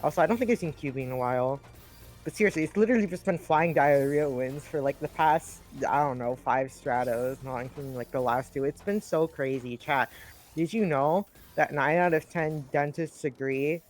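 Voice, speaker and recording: A man's voice: a little high, moderate pace. A man co-commentating an esports stream, rambling and joking, over background music. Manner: rambling, jokey, riffing.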